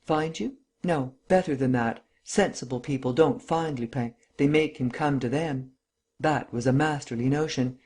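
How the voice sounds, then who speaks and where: A man's voice: mid-range voice, moderate pace, darkish tone, husky, lightly acted. A man voicing a vengeful, scheming middle-aged widow in an audiobook, mocking and gloating and stressing each word. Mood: gloating scorn. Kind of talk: audiobook character reading.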